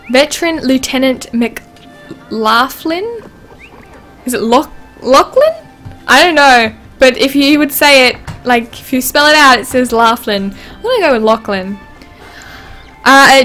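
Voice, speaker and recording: High-pitched woman chatting through a game stream, giggly, bit of music underneath. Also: fairly bright tone. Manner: chatty, giggly, reads game dialogue aloud. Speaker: livestream host. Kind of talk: casual gameplay livestream.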